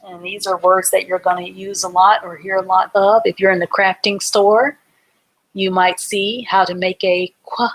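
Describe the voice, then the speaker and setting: A woman's voice: mid-range voice, flat delivery, moderate pace, poor audio. A woman teaching a live online reading class, patiently sounding out words letter by letter and praising her students.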